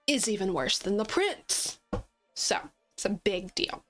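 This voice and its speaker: A woman's voice: medium pitch, very animated, measured pace, a bit bright, soft background music. A woman hosting a gaming channel, chatting casually and playfully with frequent giggles as she plays. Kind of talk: casual gameplay chat.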